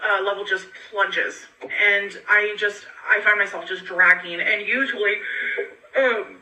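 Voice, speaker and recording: A tired woman talking in a casual home vlog, rambling and halting with many ums. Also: medium pitch, fairly even intonation, bright, forceful tone, echoey room, distant mic, low-quality recording. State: tired, low on energy. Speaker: vlogger in a clip being reacted to.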